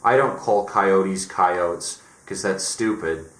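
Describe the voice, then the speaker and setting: A man's voice: sits low, slow pace, reverberant. A man from Denver ranting through a profane, exasperated video essay. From Denver, Colorado.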